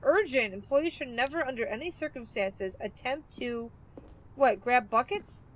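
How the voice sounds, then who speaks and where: A woman's voice: fairly high pitch, animated, moderate pace. A woman streamer chatting casually with her viewers while playing, chatty and easily amused. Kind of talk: casual game livestream chat.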